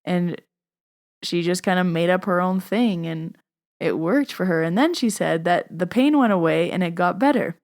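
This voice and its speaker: Woman host, casual chatty storyteller, animated delivery. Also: fairly low pitch, normal speed. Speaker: podcast host.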